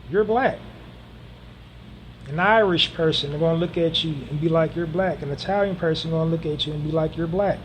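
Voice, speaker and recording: A man's voice: fairly high pitch, slight background noise. A man hosting a solo podcast monologue, speaking earnestly and repeating phrases for emphasis, with frequent ums. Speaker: podcast host.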